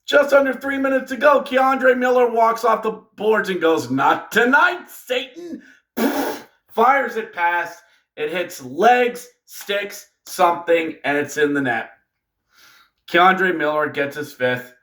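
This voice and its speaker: A man hosting a casual hockey recap video, animated and joking, talking straight to fellow fans. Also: high-pitched, slow pace. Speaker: hockey fan video host. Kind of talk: casual game recap commentary.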